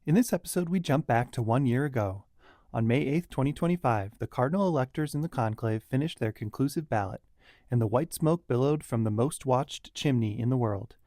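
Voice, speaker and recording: A man narrates a podcast from a prepared script. His pitch sits in the middle of the male range, and his delivery is measured. The mic is close and dry, with no room sound. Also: dark tone, no room sound. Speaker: podcast host.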